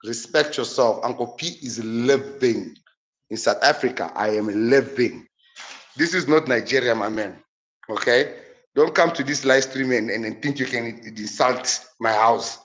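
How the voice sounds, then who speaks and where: A man's voice: medium pitch, a little slow, a bit bright. A man from Angola, indignant and heated, giving a live-stream tour of his house while swearing and repeating himself. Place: walking through his house.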